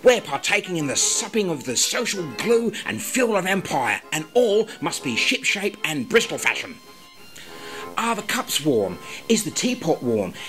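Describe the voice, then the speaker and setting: A man with an Australian accent delivering a scripted comic monologue in a wry, mock-grand deadpan manner. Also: high voice, low-quality recording. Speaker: comic narrator. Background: music.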